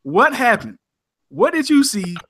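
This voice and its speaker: Male co-host, lively and bright, high voice, talks over others in a sports debate. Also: a little slow, slight background noise. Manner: animated, repeats himself when worked up. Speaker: radio show co-host. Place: radio studio.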